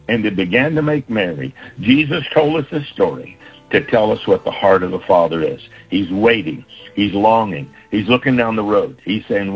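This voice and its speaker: A man preaching a sermon with a deeply husky, breathy voice pitched on the low side. He talks in an earnest, repetitive preaching cadence. The recording is dull and lo-fi, with faint music underneath. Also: animated, normal speed.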